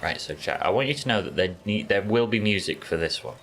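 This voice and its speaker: Talking fairly quickly with lively intonation, the man has a fairly low, fairly bright voice. He's a streamer who jokes around and chats with viewers while casually narrating his play.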